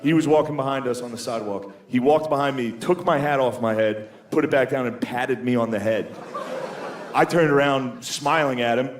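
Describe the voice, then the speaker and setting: On a club stage, a man in his thirties runs through a stand-up set in a mid-pitched voice at normal speed, loose and profane, mocking himself and dropping into silly voices. The live recording has a little hiss or hum, and the audience laughs loudly.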